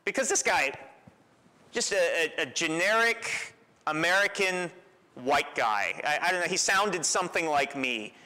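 A man preaching a sermon in a relaxed, storytelling way, with self-deprecating humor. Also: a little high, measured pace. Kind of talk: conversational sermon. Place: church sanctuary. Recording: long church reverb.

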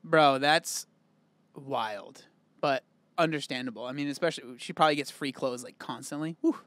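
A man's voice: medium pitch, normal speed, heavy background noise. A man casually reacting to a video, candid and chatty, thinking aloud as he comments. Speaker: reaction host.

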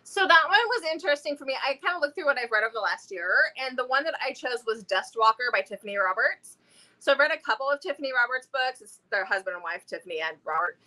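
High, bright-voiced woman chatting about books. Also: lively intonation, quick pace. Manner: enthusiastic, talkative, laughs often. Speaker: book channel co-host. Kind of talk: casual book chat.

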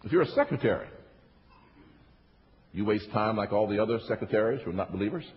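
A man's voice: lowish voice, lively intonation, quick pace. A male pastor preaching a sermon to his congregation, working the room with repeated phrases and call-and-response. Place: church sanctuary. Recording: echoey church hall, dull lo-fi sound.

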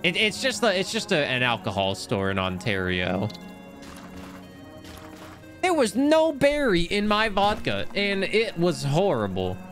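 A young man talks through a game on a live stream, his voice leaping up and down as he tells a story. Faint game music plays underneath. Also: a little slow. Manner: animated storytelling, swings high when excited. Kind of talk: casual gameplay commentary.

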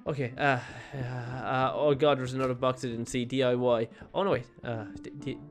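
A man giving excitable let's play commentary, swearing and playing up mock outrage. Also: medium pitch, normal speed, soft background music. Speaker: gaming video creator.

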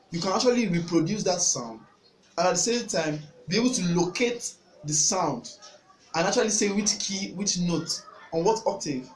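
A young man gives a casual spoken music lesson, earnest and repeating his points, sometimes singing short examples. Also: on the high side. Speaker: music tutor. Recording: echoey room with faint hum.

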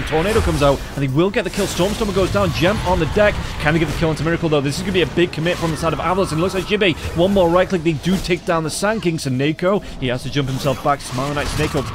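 A man giving rapid play-by-play commentary on an esports match as caster. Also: fairly high pitch. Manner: rapid, excited play-by-play calls.

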